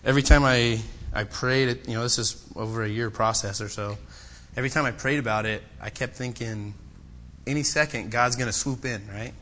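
A man preaching a sermon, swinging between loud, impassioned pleading and quiet, personal storytelling. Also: steady tone, fairly quick, slight background noise. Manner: impassioned, rising to loud pleading then dropping low and personal.

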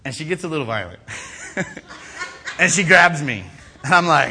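A man's voice: fairly high pitch, normal speed, a little hiss or hum. A man preaching a sermon in a church, telling funny stories about himself and acting out the voices of the people in them. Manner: animated, self-mocking, acts out quoted voices. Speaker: pastor. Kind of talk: storytelling sermon.

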